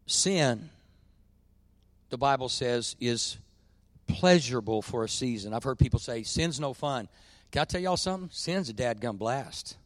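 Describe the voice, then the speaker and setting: A middle-aged man preaching a sermon in a church, folksy and confessional, swinging between quiet admissions and loud emphatic points. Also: mid-range voice, lively intonation, moderate pace, no echo. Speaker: pastor.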